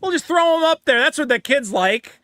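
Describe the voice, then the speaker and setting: High-voiced guy cohosting a podcast, bright sharp tone, swearing a lot, jumping between mock voices. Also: brisk, no room sound, clean studio sound. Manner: animated, profane, slips into mocking put-on voices. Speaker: podcast co-host. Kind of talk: crude comedic political banter.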